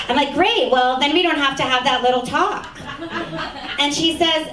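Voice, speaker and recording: High-voiced woman doing deadpan stand-up. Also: normal speed, crowd noise. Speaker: stand-up comedian. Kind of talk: stand-up comedy set. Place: comedy club stage. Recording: echoey club, captured from a distance. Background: audience laughter.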